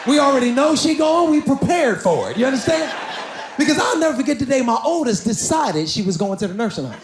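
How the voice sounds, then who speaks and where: A man doing stand-up comedy, telling family stories in an animated way and acting out the people in them. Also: extremely high pitch, fairly quick, noisy background. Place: comedy club stage with a laughing audience. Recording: roomy live venue, loud crowd laughter.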